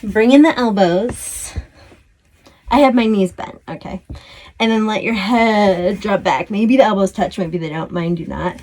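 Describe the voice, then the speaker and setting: Slow easygoing lady leading stretches, soft encouraging cues, recorded close up in a tiny closet. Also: medium pitch. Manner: calm, encouraging cues with fillers. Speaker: fitness instructor. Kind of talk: guided stretching class. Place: small closet indoors. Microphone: close to camera.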